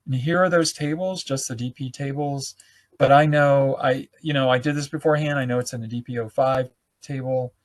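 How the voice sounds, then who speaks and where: A man presenting a live webinar, walking viewers through a software demonstration in an informal, self-correcting way, thinking aloud and a little hoarse as he loses his voice. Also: mid-range voice. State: losing his voice.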